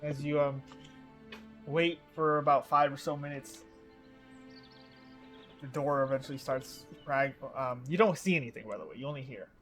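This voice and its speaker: A man's voice: mid-range voice, moderate pace, pauses often, a bit bright, soft background music. A man narrating a tabletop game as game master, casual and often breaking into laughter. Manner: casual, laughing between lines.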